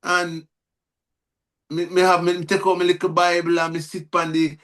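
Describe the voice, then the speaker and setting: A Jamaican man speaks with a high voice for a man as he tells his life story in an interview. His speech loops back on itself, with words repeated and phrases restarted. He slips into Patois when he retells conversations. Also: completely flat delivery, moderate pace, a bit bright. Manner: repetitive, restarts words, acts out quoted dialogue in Jamaican Patois. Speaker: guest, reggae artist.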